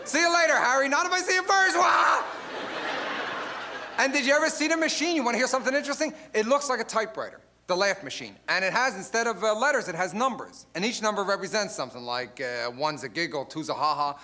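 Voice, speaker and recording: A man doing a stand-up comedy routine on a live television stage, acting out bits in loud put-on voices. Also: high voice, expressive, fast, hardly any pauses. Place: live television stage before a studio audience. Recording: noisy live broadcast with crowd laughter. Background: audience laughter.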